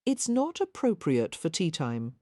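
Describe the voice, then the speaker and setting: A reserved young Victorian wife, composed and earnest, voiced by a woman reader. Her tone is low and mellow, recorded close and dry. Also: sing-song, a little slow, no room sound, heavily acted.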